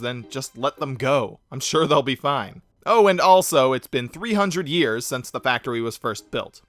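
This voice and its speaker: A man's voice: mid-range voice, bright, forceful tone. Sarcastic game review guy, voice bounces all over, faint music under him. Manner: sarcastic, with exaggerated mock-dismayed outbursts. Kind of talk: comedic scripted review narration.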